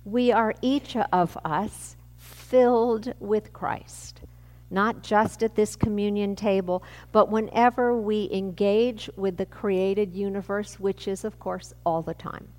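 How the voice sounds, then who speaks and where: A woman pastor giving a sermon with a measured, reflective delivery. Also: medium pitch, fairly even intonation, a little mellow, long reverb tail.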